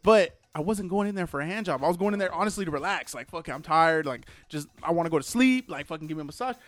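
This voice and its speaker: A young man with a high-pitched voice tells a story among friends, cursing freely and getting worked up as he goes. He talks in a loose, casual way. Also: quick pace. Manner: profane, animated storyteller. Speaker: podcast host telling a story. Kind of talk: casual chat.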